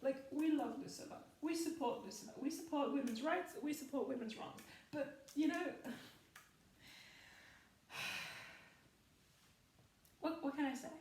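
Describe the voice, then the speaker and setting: With a high voice and a darkish tone, a woman gives casual commentary on films as a vlogger, rambling with lots of fillers and frequent laughter. The mic is distant, leaving her off-mic in an echoey room.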